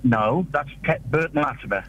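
A man calling in to a radio show, hesitant and flattering as he praises the host. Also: medium pitch, moderate pace, slight background noise, low-quality recording. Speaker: caller. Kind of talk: call-in chat.

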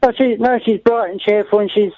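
High-voiced man on a dull phone line. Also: fairly even intonation, a little fast, no echo. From Maidstone, England. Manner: rambling, hesitant, giggly. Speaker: caller. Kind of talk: phone-in chat.

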